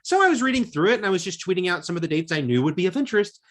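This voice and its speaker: A man's voice: high voice, very animated, rapid-fire. A man co-hosting a film podcast, chatting casually and rambling with lots of fillers. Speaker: podcast co-host. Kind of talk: casual chat.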